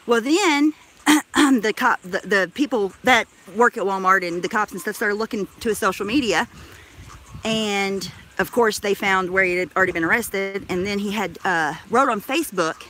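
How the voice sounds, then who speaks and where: Woman, out of breath, bright tone, chatty, swears a lot, phone stream outdoors with faint noise. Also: mid-range voice. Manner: chatty, swears casually, laughs often. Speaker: live-streamer. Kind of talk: casual chat while walking. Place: outdoors in a crowded park. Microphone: handheld phone camera.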